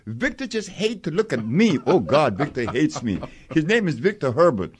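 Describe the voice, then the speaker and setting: Older man, interviewee, emphatic storyteller, pitch leaping up and down, acts out dialogue. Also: moderate pace. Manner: animated storyteller acting out quoted exchanges, emphatic, laughs often. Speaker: interviewee, herbal healer.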